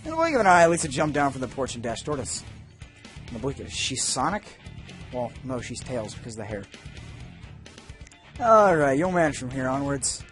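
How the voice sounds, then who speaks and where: A man's voice: medium pitch, expressive, moderate pace, pauses often. A man reviewing a video game, reading its text aloud and breaking off into sarcastic, jokey asides. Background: faint game music.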